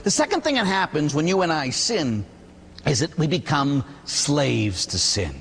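A man, a Catholic priest, preaching a sermon with animated, emphatic delivery and storytelling. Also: a little high, a little slow, vocal fry, breathy edge, in a large hall.

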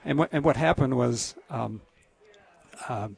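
A man with a gravelly, creaky voice, telling his story as a radio guest. He talks in an earnest, halting way, with frequent ums and restarts. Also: medium pitch. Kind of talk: casual testimony on a radio show.

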